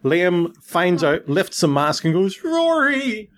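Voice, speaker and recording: A man's voice: fairly high pitch, fairly even intonation, slow pace. A middle-aged man with a Northern Irish accent, hosting a podcast and summing up a comic with wry, joking asides. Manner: wry, jokey, then earnest. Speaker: podcast host. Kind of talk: casual chat, comic synopsis.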